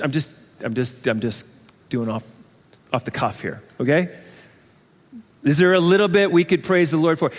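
A man preaching a sermon as pastor, talking in a conversational, animated way and acting out little voices. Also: on the high side, long reverb tail. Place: church sanctuary.

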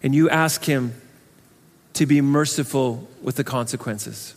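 A man's voice: mid-range voice, measured pace. A man preaching an expository sermon in an earnest, conversational way, asking his listeners questions. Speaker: pastor. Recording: long hall reverb.

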